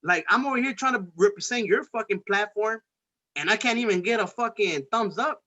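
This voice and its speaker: Profane, heated man with a bright voice. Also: sits high, fairly quick. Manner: heated, profane, rambling with many restarts. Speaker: podcast host. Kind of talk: casual political chat. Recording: dull lo-fi recording.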